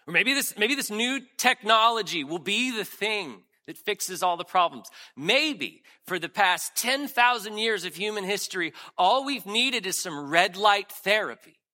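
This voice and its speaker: A man preaching a sermon, dramatic, swinging between loud emphatic lines and hushed ones. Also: sits high. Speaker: pastor.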